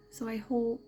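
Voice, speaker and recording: A woman giving gentle spiritual guidance, slow and often half-whispered, sniffly from a cold. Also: low-quality recording. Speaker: spiritual card reader. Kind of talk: soft-spoken spiritual guidance.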